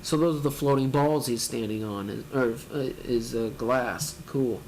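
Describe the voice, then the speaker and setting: A man's voice: medium pitch, normal speed, a little mellow, a little hiss or hum. A man reading a manga chapter aloud and reacting, narrating panels casually and laughing often.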